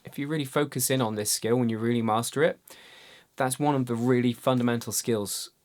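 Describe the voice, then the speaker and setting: This is a man teaching guitar in an online video lesson, with a voice of ordinary middle pitch. He explains rhythm exercises in an easygoing, chatty way, counting beats aloud and restarting a phrase now and then. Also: fairly even intonation, fairly quick. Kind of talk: relaxed online music lesson.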